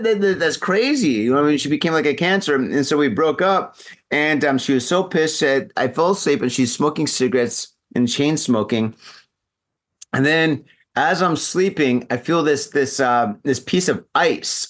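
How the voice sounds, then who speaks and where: A drunk man hosting a casual talk show, telling a wild story and acting out his own yelps. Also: medium pitch. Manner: animated, acts out his own yelps and voices. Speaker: podcast host. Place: home room in Japan.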